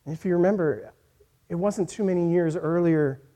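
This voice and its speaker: A man preaching a sermon in an earnest voice that moves from quiet, reflective passages to emphatic points. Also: sits high, normal speed. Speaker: pastor.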